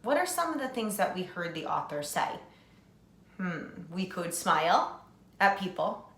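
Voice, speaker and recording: Woman teacher for a kids' video lesson, slow and sing-song, spells words aloud, echoey home room. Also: lowish voice, sing-song, fairly bright tone. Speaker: teacher reading to children. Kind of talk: remote lesson for young children.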